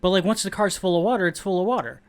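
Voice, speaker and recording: Young man, co-host, a bit high-pitched, eager and opinionated, casual chat. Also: very fast. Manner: enthusiastic, opinionated. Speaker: podcast co-host.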